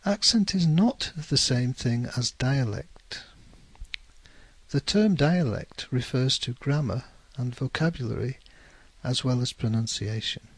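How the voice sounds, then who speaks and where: A man with a Northern English accent giving a measured lesson, careful and correcting himself now and then. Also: mid-range voice, breathy edge, dry recording. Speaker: English teacher. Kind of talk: scripted explanatory lecture.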